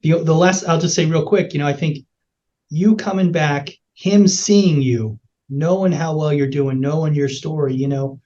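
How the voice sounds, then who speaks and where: A man's voice: a little high, steady tone, normal speed, a little mellow, lo-fi sound. A man, a guest physician, chatting encouragingly with hesitant starts. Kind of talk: casual interview chat.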